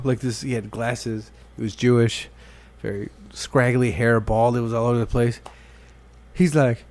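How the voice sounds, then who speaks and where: A man's voice: mid-range voice, brisk, darkish tone. Rambling, foul-mouthed podcast host man. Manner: rambling, swears freely, acts out quotes. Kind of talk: casual podcast chat.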